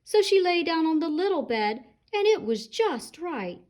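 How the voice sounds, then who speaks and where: A woman who is a children's librarian, reading a picture book aloud and showing a craft in an expressive, sing-song way. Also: extremely high pitch, a little slow. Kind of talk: storytime read-aloud and craft demo.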